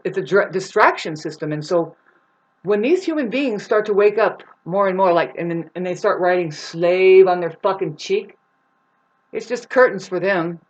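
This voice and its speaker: Rambling, profane woman vlogger. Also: lowish voice. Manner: rambling, profane, restless, with sudden loud outbursts. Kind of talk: rambling stream-of-consciousness monologue.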